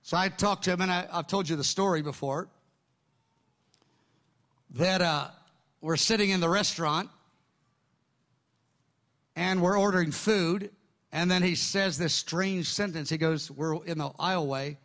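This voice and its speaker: A man's voice: sits high, steady tone, a little slow, long pauses, fairly bright tone. A middle-aged male pastor telling a story in a sermon, acting out the voices of the people he quotes.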